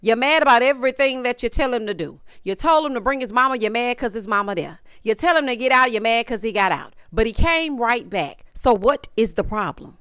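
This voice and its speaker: Sassy woman recapping TV, lively voice. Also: on the high side, brisk, few pauses, clear, resonant tone, dry recording, studio quality. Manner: animated, dramatic and sassy, with punchy asides. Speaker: reality TV recap host.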